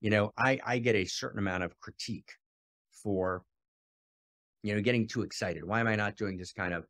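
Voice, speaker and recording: A man hosting a spiritual teaching podcast, speaking passionately and shifting between loud exhortation and quiet, intimate asides, often repeating phrases for emphasis. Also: fairly low pitch, a little fast, no echo, studio quality. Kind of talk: impassioned teaching talk.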